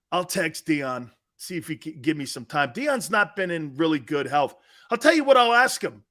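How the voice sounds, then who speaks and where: A middle-aged man hosting a live sports talk show, joking loudly, reading out comments and jumping between topics. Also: high-pitched. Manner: loud, joking, jumps between topics, often raises his voice.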